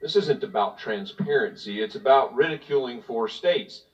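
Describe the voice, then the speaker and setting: A man's voice: medium pitch, lively intonation, normal speed. Pointed congressman heard from afar. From Tennessee. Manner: pointed, partisan, reading from notes. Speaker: congressman questioning a witness. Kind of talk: prepared remarks at a hearing. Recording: distant, dull hearing-room audio.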